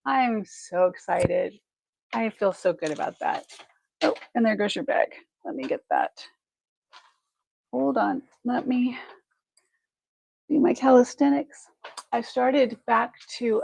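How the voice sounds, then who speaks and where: A woman's voice: fairly high pitch, lively intonation, slow, gravelly, pauses often, a little mellow, slight background noise, poor audio. A woman hosting a live online jewelry sale, chatty and effusive, thinking aloud as she measures pieces and thanks buyers. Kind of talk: live shopping stream chat.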